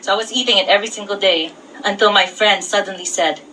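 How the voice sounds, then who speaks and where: A woman from the Philippines doing a stand-up comedy set on a club stage, dropping deadpan punchlines and laughing at her own jokes. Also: medium pitch, quick pace. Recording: distant mic with audible noise.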